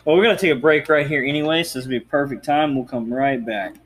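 A man co-hosting a casual podcast, teasing the others in quick banter. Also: medium pitch, slightly rough. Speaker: podcast co-host.

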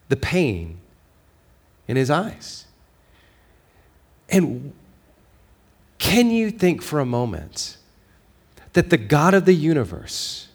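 Man preaching, quiet to emphatic. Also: on the high side. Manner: swings from quiet, intimate storytelling to raised, emphatic preaching; conversational, with fillers and frequent "right?". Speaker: pastor. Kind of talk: sermon.

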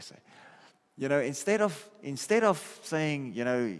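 A man's voice: medium pitch, lively intonation, unhurried, clean tone. Man preaching in a reverberant hall. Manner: conversational, checks in with listeners often. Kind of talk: sermon. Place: church hall.

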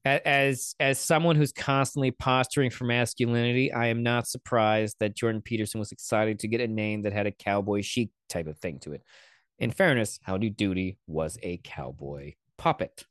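A man's voice: lowish voice, moderate pace, fairly bright tone, dry recording, studio quality. A man hosting a casual reaction commentary, rambling and sarcastic with lots of swearing. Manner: profane, rambling, sarcastic asides. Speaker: commentary host.

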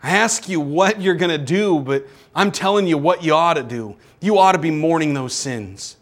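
A male pastor preaching a sermon, pressing his listeners with repeated rhetorical questions and swinging between urgent and hushed. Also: a little high, expressive, moderate pace.

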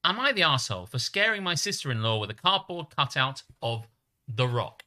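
A man with a very bright, sharp voice, chatting and joking on a comedy podcast. His pitch swings a lot as he giggles through his lines and reads posts out loud. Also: brisk. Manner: giggly, lively, breaks into silly voices. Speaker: podcast co-host. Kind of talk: casual comedic chat and reading posts aloud.

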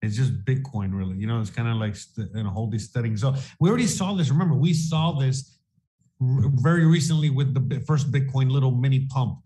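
A man's voice: medium pitch, a little fast, warm tone. A man co-hosting a casual crypto livestream, rambling and swearing, full of "you know what I mean.".

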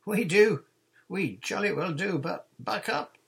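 A man reading a storybook aloud and voicing a bossy tomboy girl pirate captain who shouts impatiently, with a husky voice. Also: on the high side, normal speed, voice pushed up.

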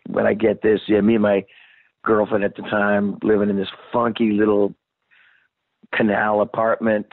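A man's voice: lowish voice, creaky, no room sound. Rambling, profane rock singer in his sixties. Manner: rambling, profane, acts out quoted voices. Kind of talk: casual storytelling interview. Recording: dry, phone-like narrow sound.

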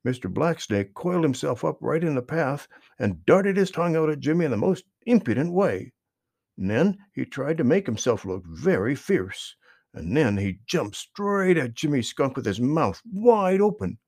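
A man narrating a children's story, gentle and expressive. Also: on the high side, moderate pace, no echo, clean studio sound.

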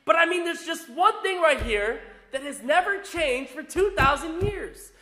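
A pastor, a man with young children, giving an emphatic, animated sermon mixed with a personal story. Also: very high voice, a little slow. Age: adult with young children. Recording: roomy echo.

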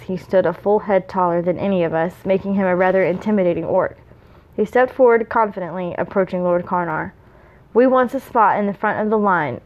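A woman's voice: medium pitch, a little mellow, highs cut off. A woman reading fan fiction aloud, with small slips and asides. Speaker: reader.

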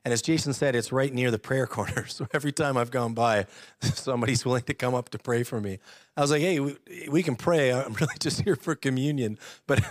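A man's voice: medium pitch, brisk, no room sound, studio quality. A man in his thirties sharing a personal testimony at church, earnest and chatty, laughing often and restarting his sentences. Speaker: church member giving testimony.

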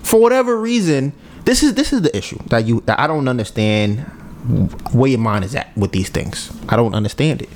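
A man's voice: medium pitch, expressive, brisk, slight background noise. A man hosting a podcast in casual chat, ranting and sarcastic, often repeating himself. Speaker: podcast host.

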